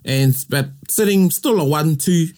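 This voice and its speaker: A man from New Zealand with a New Zealand accent, co-hosting a casual bilingual chat in a playful, animated way. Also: a little high, unhurried. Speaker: co-host.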